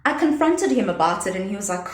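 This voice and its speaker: A woman's voice: medium pitch, quick pace. Sassy South African woman, echoey room. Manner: animated, sassy, mixes in Zulu slang. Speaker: vlogger. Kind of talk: storytime vlog.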